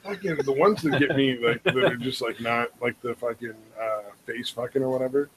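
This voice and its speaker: A man's voice: medium pitch, brisk, heavy background noise. A man co-hosting a casual podcast, rambling with lots of fillers and swearing. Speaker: podcast co-host. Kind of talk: casual crude banter.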